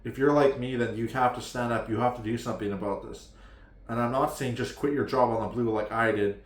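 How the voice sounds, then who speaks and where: A man's voice: mid-range voice, fairly even intonation, brisk, roomy sound. A man from Canada giving a frustrated, heated rant to the camera, pleading with viewers and leaning heavily on "like". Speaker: vlogger.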